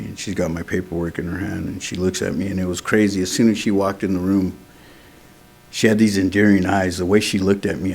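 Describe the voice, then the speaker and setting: A man's voice: low-pitched, creaky, a little mellow, slightly rough. A man speaking at a recovery meeting, telling his own story in a candid, street-casual way. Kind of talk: personal recovery testimony.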